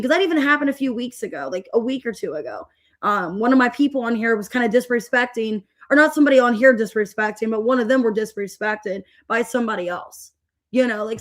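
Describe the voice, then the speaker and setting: A young adult woman hosting a tarot livestream, upset and fed up, venting to her viewers with many restarts. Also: on the high side. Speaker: tarot reader livestream host.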